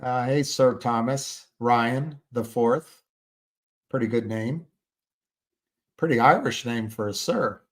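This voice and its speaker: A man hosts a stock-market livestream and reads viewer comments, rambling and hesitant with many fillers and restarts, yet emphatic and indignant about short sellers. He speaks at medium pitch, slowly, pausing often.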